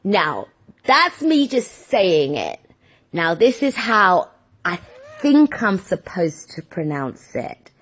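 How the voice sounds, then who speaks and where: A woman vlogger telling everyday stories in a rambling, animated, self-deprecating chat. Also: on the low side, slow pace. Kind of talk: casual chatty monologue. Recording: dull lo-fi sound.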